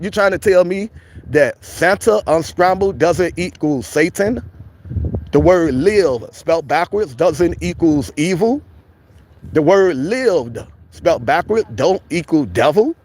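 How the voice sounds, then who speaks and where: A man's voice: a little high, darkish tone, slight background noise. A man hosting a casual livestream chat, preachy and repetitive, calling his viewers family. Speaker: livestream host.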